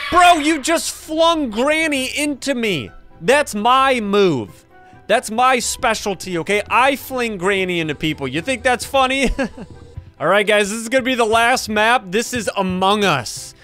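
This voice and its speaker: A young man giving excited gameplay commentary, trash-talking other players and laughing often. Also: high voice. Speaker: gaming YouTuber.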